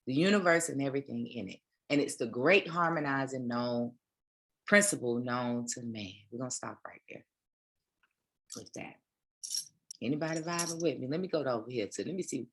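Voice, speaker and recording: A woman's voice: extremely low pitch, lively intonation, normal speed. A woman spiritual teacher giving a livestreamed talk, with preachy asides to her viewers.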